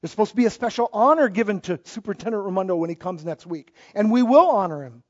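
A high-pitched middle-aged man, delivering a sermon from the pulpit. He swings from loud, punchy lines to soft asides. The recording is dull and lo-fi. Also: expressive, quick pace. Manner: emphatic, swings between loud exclamations and quiet asides. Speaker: pastor.

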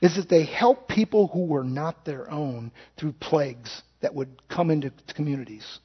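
A man with a high-pitched voice delivers a sermon, telling folksy stories and acting out quotes as he goes. He catches and corrects his own slips as he talks. The recording sounds dull and lo-fi. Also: moderate pace, husky. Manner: storytelling with acted-out quotes; folksy, with self-correcting restarts. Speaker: pastor.

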